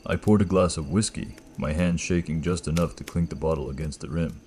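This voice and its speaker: A man with a slight gravel in his throat, telling a first-person horror story in a slow, measured, ominous way. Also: a bass voice, a little mellow, slight background noise.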